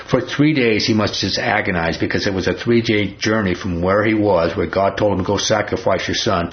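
A man's voice: low-pitched, lo-fi sound. A man teaching a Bible study in a folksy, emphatic way, often asking the group questions.

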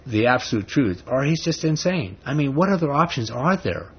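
His pitch swings widely around a mid-range center, and there's a breathy edge as he preaches at normal speed, chatting with the congregation before landing on emphatic rhetorical questions. The audio is dull and lo-fi, with faint background noise.

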